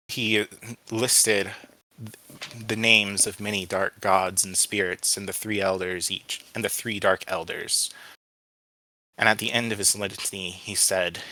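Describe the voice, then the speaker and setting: A man reads a dark story aloud over voice chat from home, in plain narration with an occasional slip. His voice is bright and forceful but sits a little low in pitch. The sound is close and dry. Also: a little slow, no room sound, rough recording. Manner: plain narration with small slips. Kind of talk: story reading.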